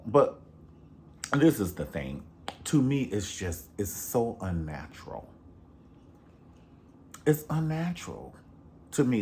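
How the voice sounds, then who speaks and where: Brief: low-voiced man, sassy and profane, swooping between pitches as he dishes gossip. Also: darkish tone, slight background noise. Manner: sassy, gossipy, profane, says "honey" a lot. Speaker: reality TV reviewer. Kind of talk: casual chat.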